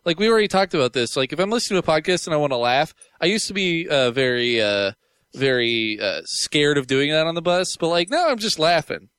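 A man telling stories on a podcast in a loose, chatty way, laughing often. His pitch rises and falls a lot as he talks. The sound is dry, close to the mic. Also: animated, fairly quick, a bit bright, smooth, dry recording. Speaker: podcast co-host. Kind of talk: casual podcast chat.

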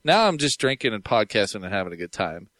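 A man's voice: fairly low pitch, very animated, fast, fairly bright tone, no echo. A man co-hosting a podcast, chatting casually and telling stories with frequent laughter. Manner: chatty storyteller, laughing often. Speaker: podcast co-host.

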